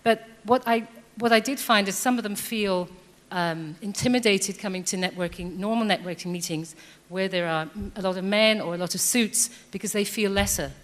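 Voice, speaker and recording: A woman's voice: medium pitch, normal speed, hardly any pauses. A woman in her fifties speaking from the floor at a debate, earnest and hesitant. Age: 50s. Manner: earnest, hesitant with many ums. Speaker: audience member. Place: large hall. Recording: long hall reverb.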